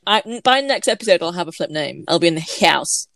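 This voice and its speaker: A woman co-hosting a casual podcast, chatty and quick with asides, laughing easily. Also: on the low side, lively intonation, creaky, fairly bright tone, no room sound, clean studio sound. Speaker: podcast co-host.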